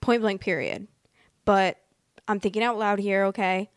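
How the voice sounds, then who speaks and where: A young woman hosts a storytime show, reading stories aloud and then reacting in expressive, exasperated asides. Her voice sits in a middle pitch. The sound is dry and close, with no room around it. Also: a little slow, smooth, dry recording. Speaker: host.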